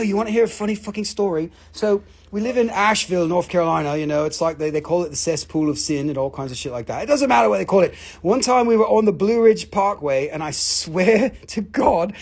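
A woman hosting a live online rock and mineral sale, talking excitably with lots of cursing and quick countdowns. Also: medium pitch, slightly rough. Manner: excitable, profane, rapid countdowns. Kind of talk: live online sales show.

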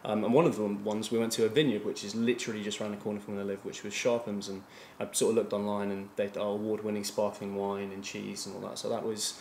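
A man's voice: lowish voice, level tone, quick pace, darkish tone. A man from England, a guest telling a rambling story in casual chat with plenty of fillers. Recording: roomy echo, faint noise.

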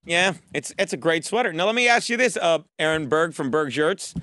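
A man's voice: a little high, expressive, a little fast, sharp tone, no room sound. A man hosting a comedy radio show in a studio, stammering and incredulous as he banters. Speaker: host.

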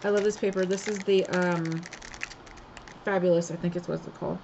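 A woman's voice: on the low side, steady tone, a little fast, dull audio, noisy background. A woman hosting a craft swap, chatting casually and gushing over each item as she unboxes it, laughing often.

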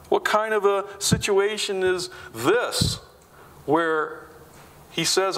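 A man preaching a sermon as pastor, asking his listeners question after question and dropping low and slow to press a point. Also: low-quality recording. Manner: asks the congregation many questions; drops to low, slow, quiet emphasis.

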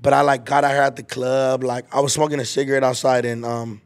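A man's voice: mid-range voice, flat delivery, fairly quick. A man in his twenties hosting a casual chat, telling a rambling story full of slang and filler words. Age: 20s. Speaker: podcast host.

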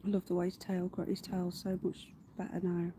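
A woman's voice: fairly low pitch, monotone, brisk, background noise. A woman hosting a casual livestream from her garden, chatting to viewers, greeting them by name and swearing offhand. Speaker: livestream host. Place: outdoors in a garden.

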